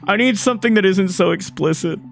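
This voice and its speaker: A man's voice: high-pitched, a little fast, creaky, soft background music. A young man streaming a game from home on a desk mic, chatting casually in a giggly, profane, self-mocking way. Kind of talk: casual live-stream chat while gaming.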